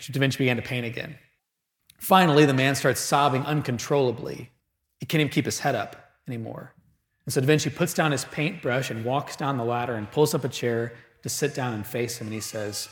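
A man preaching a sermon, telling a story with dramatic pauses and moving between loud and hushed delivery. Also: medium pitch, steady tone, echoey room.

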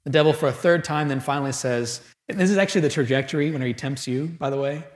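A man preaching a sermon, telling a story with dramatic pauses and moving between loud and hushed delivery. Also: medium pitch, roomy sound.

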